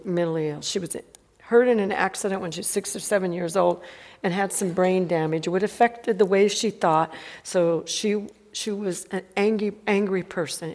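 A woman's voice: medium pitch, darkish tone, in a large hall. A woman preaching a sermon, emphatic and calling out to the congregation for amens.

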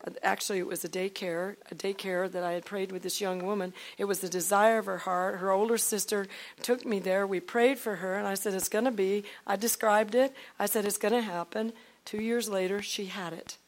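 A woman leading a ministry team, telling a faith testimony to a congregation in an animated storytelling way, moving from loud outbursts to near-whispers. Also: mid-range voice, a little fast. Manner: acts out quoted dialogue, swinging from loud to hushed.

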